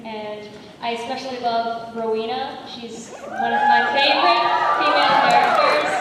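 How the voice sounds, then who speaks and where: A woman fan asking a panel a question, soft and a little shy. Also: sits high, distant mic. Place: convention hall. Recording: echoey hall, loud crowd and noise.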